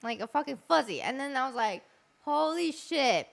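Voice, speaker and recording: A woman's voice: fairly high pitch, expressive, fast talker, vocal fry. A young woman hosting a stream, telling a crude story with lots of laughing and swearing. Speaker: streamer host. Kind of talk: casual stream chat.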